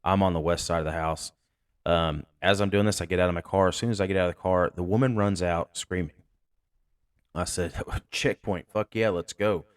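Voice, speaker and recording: A sheriff's deputy hosting a podcast, telling a tense story in a blunt, candid, profane way. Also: male voice, deep voice, fairly even intonation, fairly quick, clear, resonant tone, dry recording, clean studio sound. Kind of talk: casual storytelling.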